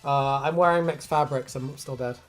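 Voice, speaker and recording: A woman's voice: rumbling low, normal speed, soft background music. A woman streaming her art, chatting casually, swearing freely and laughing a lot as she rambles through stories. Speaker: artist streamer.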